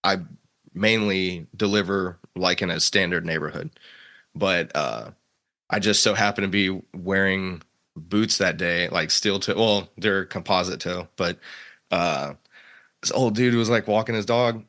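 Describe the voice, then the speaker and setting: Podcast host, young man, low bright voice, easygoing and chatty. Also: measured pace. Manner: laid-back, laughs often, many fillers and restarts. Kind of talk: casual chat.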